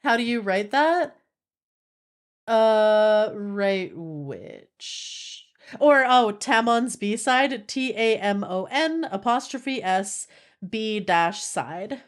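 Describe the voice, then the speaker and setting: A woman's voice: mid-range voice, lively intonation, very slow. A young woman streamer chatting casually with her viewers, gushing and giggling, with lots of "like" in her speech. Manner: giggly, breaks into laughter. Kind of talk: casual chat with live viewers.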